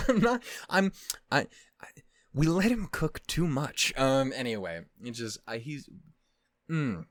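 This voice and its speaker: A man's voice: mid-range voice, animated, unhurried, pauses often. A young man talking casually about a show he just watched, rambling and swearing, breaking off often and laughing at himself. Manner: rambling, profane, self-interrupting, laughs often. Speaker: reaction channel host. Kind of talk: casual reaction commentary.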